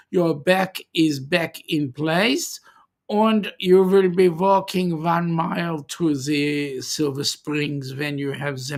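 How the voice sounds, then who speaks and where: A livestream host putting on a mock German accent as a jolly, formal visitor, slow and halting with fillers. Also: mid-range voice. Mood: jovial. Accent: German put-on. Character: cheery German-accented guest character. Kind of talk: comic put-on accent in livestream chat.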